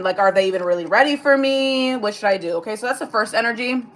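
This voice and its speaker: A woman's voice: fairly high pitch, fairly bright tone. A woman giving a casual live-streamed tarot reading. She chats, swears freely and answers viewer comments aloud between card pulls. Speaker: tarot reader.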